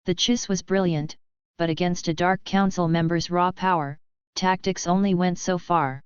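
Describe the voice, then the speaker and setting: A woman narrating a fan fiction story in a steady, even reading voice. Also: on the low side, normal speed, clean tone, dry recording, dull audio.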